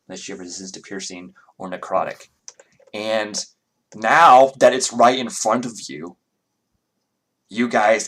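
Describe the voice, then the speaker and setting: Soft-spoken game master. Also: male voice, on the low side. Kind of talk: running a tabletop game online.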